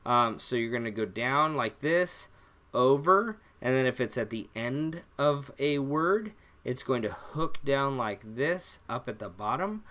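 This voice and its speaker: A young man teaching an alphabet lesson on a live stream, relaxed and rambling, with many fillers and self-corrections. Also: mid-range voice, measured pace. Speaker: language teacher.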